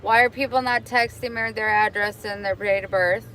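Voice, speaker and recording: A woman's voice: mid-range voice, fairly even intonation, normal speed, fairly bright tone. A woman vlogger live-streaming casually from her car, chatty and thankful to viewers.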